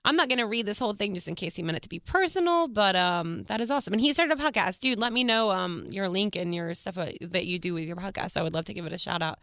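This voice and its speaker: A woman hosting her own podcast, talking casually and warmly to listeners with frequent laughter. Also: mid-range voice, lively intonation, fast talker, hardly any pauses, no echo, clean studio sound. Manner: chatty, effusive, laughs often. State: tearful. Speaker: podcast host. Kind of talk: casual solo podcast chat.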